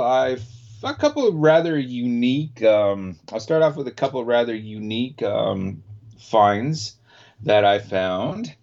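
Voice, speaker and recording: A laid-back man co-hosting a casual podcast, his pitch rising and falling freely as he talks. He rambles in an easygoing way. The recording is muffled and lo-fi. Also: darkish tone. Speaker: podcast co-host. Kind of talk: casual chat. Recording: dull, lo-fi recording.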